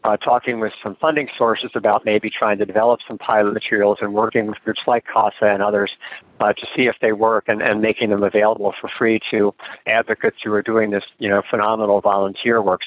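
A man's voice: lowish voice, no echo. A middle-aged man speaking as a guest expert in an interview, earnest and thoughtful, often restarting his sentences. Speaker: guest expert on gender norms. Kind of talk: conversational interview over a remote call. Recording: tinny phone-line sound, dry.

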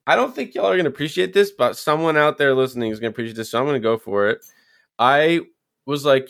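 A man co-hosting a podcast, telling stories in an animated, excitable way. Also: medium pitch, vocal fry, clear, resonant tone. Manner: animated storyteller, quick and excitable. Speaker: podcast co-host. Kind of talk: casual podcast chat.

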